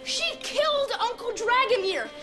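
A man's voice: very high-pitched, expressive, unhurried, heavy background noise. A young actor playing a frantic teenage boy who insists monsters are real, pleading and urgent. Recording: film soundtrack with music and crowd.

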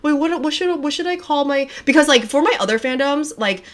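A young woman livestreaming a reaction, talking in a gushing, excitable way, swearing often and trailing off mid-sentence. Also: sits high, brisk. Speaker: livestreamer reacting to music videos. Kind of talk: casual livestream chat.

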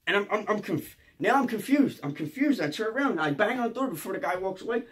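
A male comedian from Philadelphia tells his story at a rapid clip, with a high, keyed-up voice. He is profane and excitable, stumbling over restarts and tossing in "okay?" again and again. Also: husky. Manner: stammers and restarts often. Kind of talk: comic storytelling.

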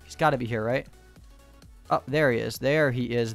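Guy doing excitable game commentary at home, mid-pitched, repeats callouts in quick bursts. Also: vocal fry, faint music behind. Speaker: gaming YouTuber. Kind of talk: live gameplay commentary. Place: home room.

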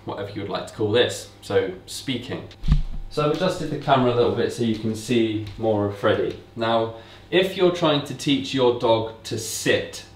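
A man casually explaining how to train a dog in a relaxed, explanatory way, recorded indoors at home. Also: mid-range voice, moderate pace, far from the mic, a little hiss or hum. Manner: relaxed, explanatory, repeats commands to mimic owners. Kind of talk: casual instructional talk. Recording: roomy echo, speaker away from mic.

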